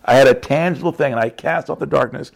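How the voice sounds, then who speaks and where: Man, preacher, casual sermon, gravelly voice, laughs often, mid pitch. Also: quick pace. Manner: chatty, laughs often, tag questions.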